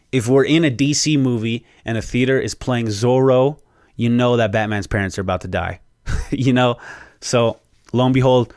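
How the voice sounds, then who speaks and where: A young man hosting a podcast, excitedly retelling a movie's plot in a rambling, profane way. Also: mid-range voice, smooth, no room sound, clean studio sound. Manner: excited storytelling with frequent swearing; rambling, with fillers and restarts. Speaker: podcast host. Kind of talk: casual movie spoiler recap.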